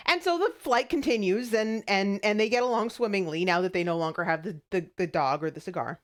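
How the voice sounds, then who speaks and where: A woman's voice: mid-range voice, lively intonation, normal speed, a bit bright. A woman streamer telling jokes to her chat in a giggly, rambling way, stopping and restarting often. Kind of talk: casual joke-telling to a live chat.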